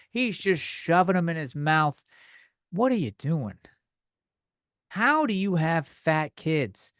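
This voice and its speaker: A man's voice: fairly high pitch, no echo. Profane ranting man, dry close mic. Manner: profane, heated, exaggerated ranting. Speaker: podcast host. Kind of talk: comedic rant.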